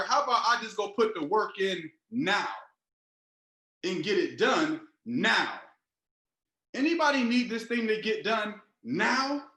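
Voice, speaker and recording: High-voiced, fired-up motivational man. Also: echoey room. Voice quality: energetic, preachy, repetitive. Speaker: team leader and trading mentor. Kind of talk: motivational team call.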